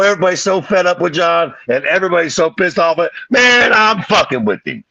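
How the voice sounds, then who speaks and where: A man's voice: high voice, expressive, a little fast, vocal fry, few pauses, pushed and bright, no echo, dull audio. A man co-hosting a sports podcast, ranting emphatically and cursing freely in casual chat. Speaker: podcast co-host.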